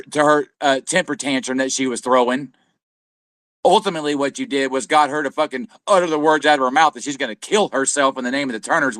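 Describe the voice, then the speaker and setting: A man's voice: medium pitch, a bit bright, dry recording, studio quality. A man co-hosting a livestream, delivering a heated, profane, accusatory tirade. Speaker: livestream co-host. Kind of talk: angry livestream rant.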